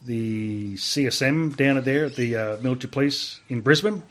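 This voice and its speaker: A man's voice: mid-range voice, moderate pace. An Australian man in his forties, an army veteran being interviewed, telling stories casually, swearing freely and acting out remembered dialogue.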